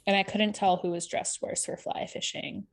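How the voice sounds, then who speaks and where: A woman co-hosting a podcast, chatting casually and recapping a reality show with quick asides and laughter. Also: medium pitch, level tone. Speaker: podcast co-host.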